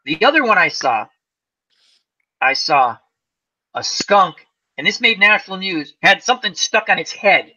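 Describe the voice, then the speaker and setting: Host, male, lively chatty storyteller, bright tone, muffled audio. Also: sits high, a little slow, pauses often. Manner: animated storyteller, acts out voices. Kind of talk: casual chat.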